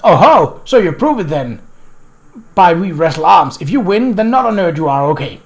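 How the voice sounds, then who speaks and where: Gamer doing a tough gang thug, blustery, mangles his grammar, lively pitch. Game let's play. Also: normal speed. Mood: blustering. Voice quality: broken, garbled grammar.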